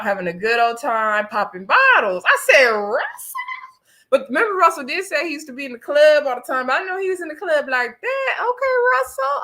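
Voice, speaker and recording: A woman's voice: high-pitched, sharp tone. A woman hosting a casual live recap of a reality show, chatty and sassy, talking straight to her viewers as y'all. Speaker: host reviewing a reality show.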